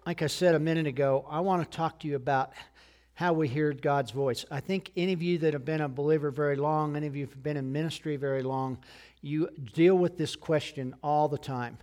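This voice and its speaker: A middle-aged pastor preaches a sermon in a conversational style, frequently checking in with listeners by asking "okay?" His voice is fairly high-pitched and darkish in tone, and he speaks a little fast.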